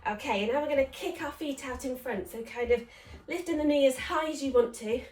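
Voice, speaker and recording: Here a high-pitched woman with a darkish tone runs a home workout at a brisk clip, chatty and supportive, counting reps between breaths as she exercises. Recorded at a distance in a room with echo, she's a fitness instructor.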